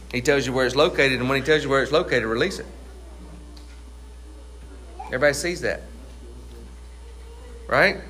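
Preaching from the pulpit, this middle-aged man has a medium-pitched voice that sounds pushed and bright. He is forceful, raising questions for his listeners that he then answers, and drawing out important phrases slowly for impact.

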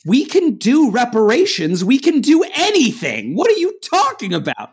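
A man co-hosting a podcast in loose chat. His pitch swings widely as he jokes, swears and builds up wild riffs. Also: normal speed, breathy edge. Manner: jokey, animated, profane. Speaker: podcast co-host. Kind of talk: casual chat.

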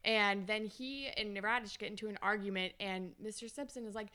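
A woman's voice: mid-range voice, fairly even intonation, moderate pace, few pauses, bright, forceful tone, clear, resonant tone. A woman co-hosting a podcast, chatting casually as she retells a TV episode in detail with lots of fillers. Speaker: podcast co-host. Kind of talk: casual chat recapping a TV episode.

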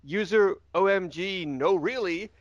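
A man hosting a casual gaming podcast, jokey and excitable, laughing often. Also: high voice, measured pace, dry recording, lo-fi sound. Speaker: podcast host.

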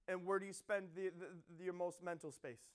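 Impassioned high-voiced male preacher. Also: fairly even intonation, brisk, clear, resonant tone. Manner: impassioned, rising to loud emphatic peaks, repeats phrases. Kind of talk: sermon.

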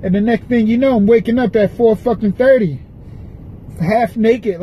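A man's voice: high-pitched, moderate pace, highs cut off, slight background noise. A man hosting a podcast, rambling and cursing as he vents from his parked car. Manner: profane, restless, venting. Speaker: podcast host. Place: parked car in a parking lot.

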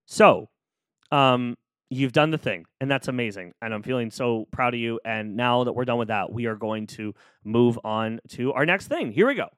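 A man's voice: medium pitch, animated, moderate pace, fairly bright tone, clear, resonant tone, dry recording, clean studio sound. A man hosting a solo podcast, talking casually and cheering the listener on in a playful, upbeat way. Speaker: podcast host. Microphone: close studio microphone.

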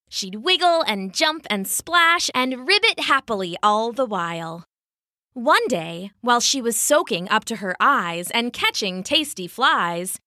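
A woman narrating a children's story on a podcast in an animated, expressive way. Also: on the high side, no echo, clean studio sound.

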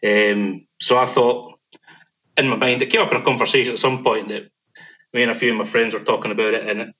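A Scottish man, a band's vocalist, with a husky voice, giving a relaxed interview with many pauses and fillers. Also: mid-range voice, dull audio. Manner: relaxed, self-deprecating, hesitant fillers. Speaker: band vocalist. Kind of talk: casual interview chat.

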